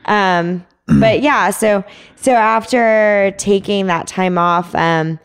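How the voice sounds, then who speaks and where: A woman's voice: medium pitch, takes it slowly, smooth. A young woman telling a climbing story in a casual interview, chatty with many fillers. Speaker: climbing guest.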